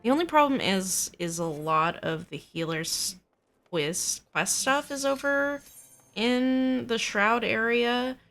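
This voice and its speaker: A woman's voice: a little high, slow pace, gravelly, fairly bright tone. A woman hosting a let's play, commenting in a playful, rambling, self-mocking way. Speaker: gamer host.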